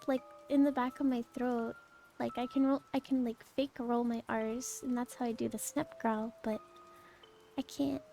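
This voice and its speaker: A woman's voice: high voice, dark tone. A young woman streamer chatting casually and rambling, laughing often and answering chat.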